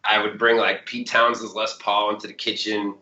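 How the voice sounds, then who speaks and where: A man in his fifties with a Chicago accent, speaking a little low with a bright, sharp edge. He rambles through a casual interview story, leaning on "like" and "you know". The sound is roomy and dull, lo-fi. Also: level tone, normal speed. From Chicago area. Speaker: blues musician guest.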